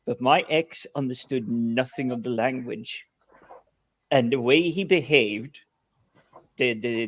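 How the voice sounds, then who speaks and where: Measured, reflective middle-aged man. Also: medium pitch, no echo. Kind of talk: casual conversation.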